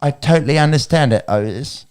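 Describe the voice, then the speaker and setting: A man's voice: on the high side, a little fast, darkish tone, smooth, natural voice. A man putting on a hammy, coaxing impression of an actress, talking to a cricketer. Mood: coaxing, teasing. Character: playful mock actress, woman, soothing.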